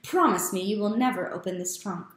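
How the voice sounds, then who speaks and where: A woman voicing a stern but loving mother figure in a storybook, speaking firmly and gently scolding. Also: medium pitch, roomy sound, close to an everyday voice. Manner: firm, measured and gently scolding.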